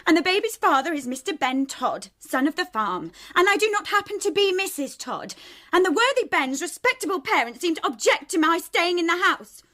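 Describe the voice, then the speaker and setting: Brief: rebellious young daughter, very high, lively voice, sarcastic and defiant. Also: female voice, brisk, full character voice. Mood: bitter. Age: young adult. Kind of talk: radio drama acting.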